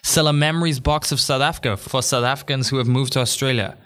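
A man's voice: medium pitch, fairly even intonation, fast, a bit bright. Upbeat chatty male podcast host. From England. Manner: upbeat, chatty, jokey asides. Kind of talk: solo podcast monologue.

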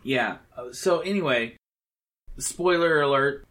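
A man talking casually about a film, chatty and enthusiastic, with a voice of ordinary middle pitch. He rambles with plenty of fillers and restarts as he retells scenes to his co-host. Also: slow, fairly bright tone. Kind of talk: casual movie review chat.

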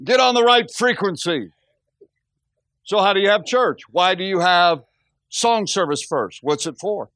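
A man's voice: high-pitched, normal speed, dry recording, clean studio sound. A middle-aged man preaching a sermon as pastor, telling stories and acting out quotes with laughter. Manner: storytelling, animated, acts out quotes with laughs.

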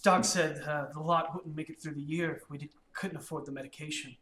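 A man's voice: fairly high pitch, fairly even intonation, fairly quick, pushed and bright. A man voicing a grateful common townsman who speaks earnestly, recorded in an echoey room.

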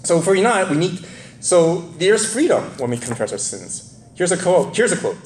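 A man's voice: high voice, very animated, normal speed, slight background noise. A man preaching a casual, conversational sermon, chuckling often and asking his listeners "right?". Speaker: pastor. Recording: echoey room, faint ambience.

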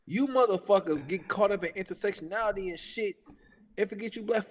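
A man's voice: high voice, fairly quick, big-room sound. Heated profane man in his thirties. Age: 30s. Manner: heated, profane, emphatic, repeats himself. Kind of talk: casual political rant.

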